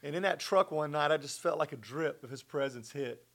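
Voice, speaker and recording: A middle-aged man telling a personal faith story as a guest in conversation, earnest and animated. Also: on the high side, fairly quick. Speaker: guest sharing his testimony.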